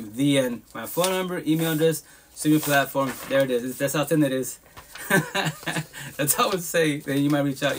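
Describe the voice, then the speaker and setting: A man hosting a live podcast stream, talking bluntly and profanely in a casual monologue, with emphatic asides. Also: mid-range voice. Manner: blunt, profane, emphatic talk with frequent laughs.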